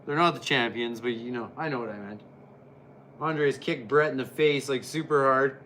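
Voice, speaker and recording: Excitable man doing casual wrestling commentary. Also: mid-range voice, moderate pace, a little hiss or hum. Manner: rambling, joking, excitable. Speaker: wrestling reviewer. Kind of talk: casual watch-along commentary.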